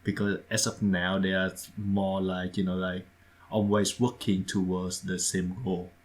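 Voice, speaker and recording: A low-voiced man co-hosts a casual podcast. He speaks haltingly, searching for words with frequent pauses and slightly non-native grammar. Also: flat delivery. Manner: hesitant, many fillers and restarts, non-native grammar. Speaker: podcast co-host. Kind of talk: casual discussion.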